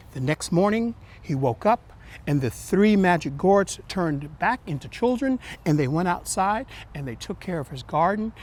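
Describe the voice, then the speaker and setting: Guy telling a folktale to all ages, slightly high voice, gentle and expressive, faint noise behind. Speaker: storyteller.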